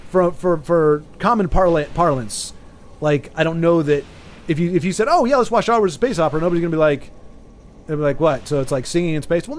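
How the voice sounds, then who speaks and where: A man streaming a game and chatting casually, rambling with frequent restarts and sudden excited bursts. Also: high-pitched. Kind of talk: casual chat while gaming.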